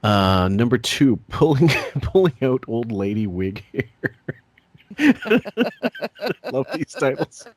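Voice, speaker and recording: A man's voice: medium pitch, very animated, slow, no echo. A man hosting a podcast, giving crude, rambling comic commentary and laughing often. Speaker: podcast host. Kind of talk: casual comedic commentary.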